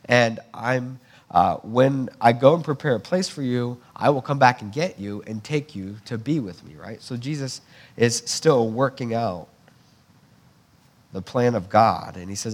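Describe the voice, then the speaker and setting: A man's voice: mid-range voice, a little slow. A man giving a sermon, teaching earnestly in a conversational way with frequent restarts. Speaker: preacher.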